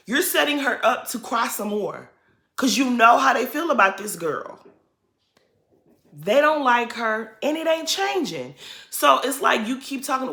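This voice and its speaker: A woman's voice: a little high, lively intonation, unhurried, gravelly, pushed and bright, echoey room. A woman giving blunt, sassy commentary on a reality show in a casual recap.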